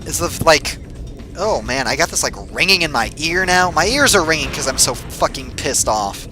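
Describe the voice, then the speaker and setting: A young man giving casual gameplay commentary, excitable and quick to swear and yell when he gets frustrated. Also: on the high side, soft background music.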